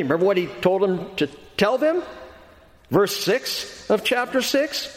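A man preaching a sermon as pastor, animated and acting out the voices in the passages he quotes. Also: moderate pace, big-room sound. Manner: animated, acts out quoted voices, wide swings in pitch.

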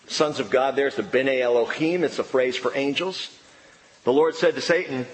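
A man preaching an expository sermon, emphatic and animated, swinging between excited and low earnest tones. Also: normal speed. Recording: long reverb of a large hall.

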